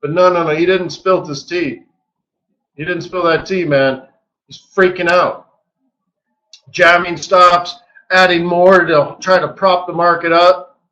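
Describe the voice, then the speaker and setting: A man hosting a live trading webinar, walking through charts in an animated, joking way with lots of rhetorical questions. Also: a little high, highs cut off. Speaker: forex market strategist hosting a daily webinar.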